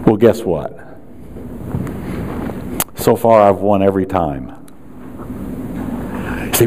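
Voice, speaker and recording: A man's voice: on the low side, big pitch swings, takes it slowly, pauses often, background noise. Man giving a punchy seminar talk. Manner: punchy, rhetorical questions, sarcastic asides. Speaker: chiropractic management speaker.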